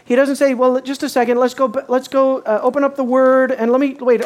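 A woman's voice: high voice, fairly quick, few pauses. A woman teaching a bible study, asking her listeners questions and acting out the quoted lines. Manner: animated, asks the audience questions, acts out quotes.

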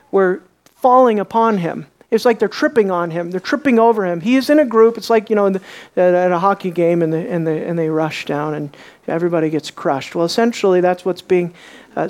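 A woman teaching a Bible class in a sermon style, acting out quoted lines with sudden jumps in pitch and volume. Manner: animated, acts out quotes with rising pitch and volume.

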